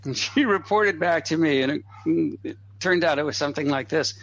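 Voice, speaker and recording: A man with a slightly raised voice spins a long anecdote as a podcast guest, a lively raconteur full of asides and small laughs. His audio is dry and close with no room around it, and it sounds a little dull and lo-fi. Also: on the high side, normal speed, creaky, dry recording. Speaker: guest comedy writer. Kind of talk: anecdotal storytelling in a podcast interview.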